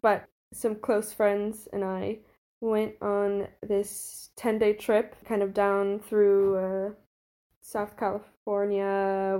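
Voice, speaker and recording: A woman's voice: mid-range voice, warm tone. A young woman in college telling a story in casual chat, rambling and giggly with lots of fillers. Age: young adult.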